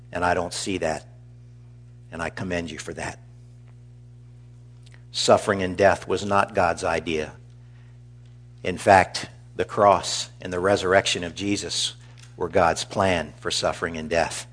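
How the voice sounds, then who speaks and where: Middle-aged male pastor, low voice, earnest eulogy delivery. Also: steady tone. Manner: earnest, measured, warmly storytelling. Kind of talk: funeral eulogy.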